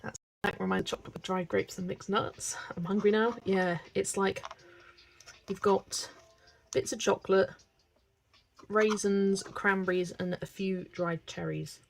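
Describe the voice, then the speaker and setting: A woman's voice: mid-range voice, steady tone, measured pace, creaky, slight background noise. A woman with a Southern British accent, chatting casually and musing over viewer questions while she colours on a livestream. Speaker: livestream host.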